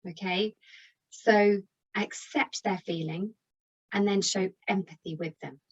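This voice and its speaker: A woman's voice: lowish voice, poor audio. A British woman giving a chatty, encouraging parenting talk straight to viewers. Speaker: parenting coach. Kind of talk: direct-to-camera parenting talk.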